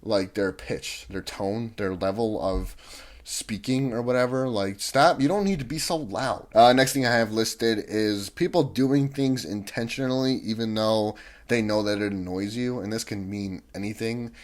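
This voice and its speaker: Young man, lowish voice, casual vlog rant, rambling, irritated. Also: steady tone, measured pace. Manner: rambling, many restarts and "like" fillers, irritated. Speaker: vlogger. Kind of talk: casual ranting monologue.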